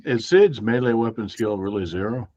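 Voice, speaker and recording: A man's voice: on the low side, lively intonation, normal speed, darkish tone. A man playing a tabletop role-playing game, describing what his character does in a casual, slightly hesitant way. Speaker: player. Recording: dull remote mic.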